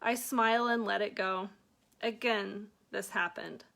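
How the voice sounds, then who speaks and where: A woman's voice: medium pitch, fairly even intonation, a little slow, creaky, a bit bright. Woman reading her own book aloud. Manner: chatty, breaks off to joke and laugh at her own lines. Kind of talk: reading aloud with offhand asides.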